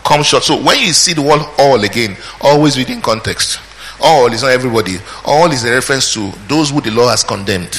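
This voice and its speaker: A man preaching a verse-by-verse Bible teaching, pausing to quiz the congregation with call-and-response questions. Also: medium pitch, a bit bright. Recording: hall reverb, faint ambience.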